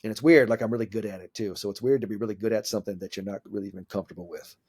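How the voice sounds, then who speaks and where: A man in his forties with a lowish voice talks in a loose, animated way, cursing casually and slipping into quoted dialogue. He speaks as a coach in a relaxed podcast interview. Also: very fast, breathy edge. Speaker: mental skills coach.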